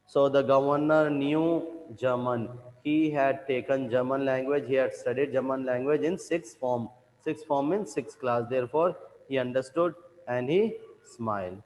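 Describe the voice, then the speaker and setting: A man, teaching in a classroom, who reads a textbook chapter aloud and then slowly rephrases each line, repeating the key words. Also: medium pitch, darkish tone, long reverb tail, a little hiss or hum, poor audio. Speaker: English teacher.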